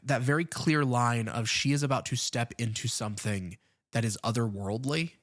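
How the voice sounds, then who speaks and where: A man's voice: medium pitch, moderate pace, fairly bright tone. An American man co-hosting a podcast, discussing a film in a thoughtful, hedging way with many ums. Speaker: podcast co-host.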